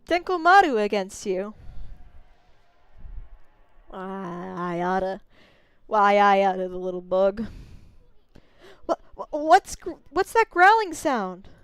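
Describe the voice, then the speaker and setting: A woman's voice: high voice, smooth, no room sound, voice pushed up, exaggerated voice. Issun, a woman voicing a tiny cocky male sprite. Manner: brash, bragging, excitable. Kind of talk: game dialogue read aloud.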